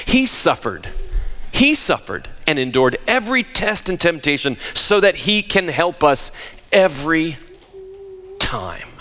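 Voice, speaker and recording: A man preaching a sermon, asking rhetorical questions and dropping to hushed tones for emphasis. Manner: dramatic, drops to hushed low tones for emphasis; asks the audience rhetorical questions.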